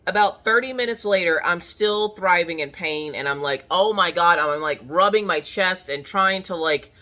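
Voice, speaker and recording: A woman in her thirties casually telling viewers a story from home, animated and full of "like", acting out her own reactions. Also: lowish voice, normal speed. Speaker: crafting channel host.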